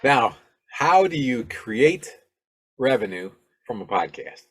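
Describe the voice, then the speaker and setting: A man's voice: mid-range voice, very animated, slow, fairly bright tone, slightly rough. A middle-aged man from Alabama hosting his own podcast, talking casually and rambling, with many fillers and restarts. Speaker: podcast host. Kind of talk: casual solo podcast talk.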